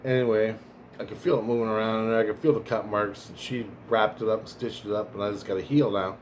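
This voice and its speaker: A man's voice: fairly low pitch, fairly even intonation, fast talker, a little hiss or hum. A man vlogging, telling a long personal story in a rambling, profane way, often restarting and correcting himself. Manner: profane, digressive, self-correcting.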